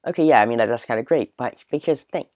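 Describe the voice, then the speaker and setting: A man's voice: mid-range voice, very fast, a little mellow, no echo. A man hosting a solo podcast, ranting in a rambling way full of filler words. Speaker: podcast host. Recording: dull, dry, lo-fi recording.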